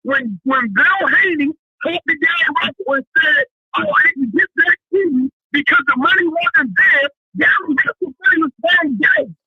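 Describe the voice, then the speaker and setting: A man calling into a debate show, loud and talking over the host. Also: very high-pitched, moderate pace, no room sound, muffled recording. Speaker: caller. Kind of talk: heated phone argument.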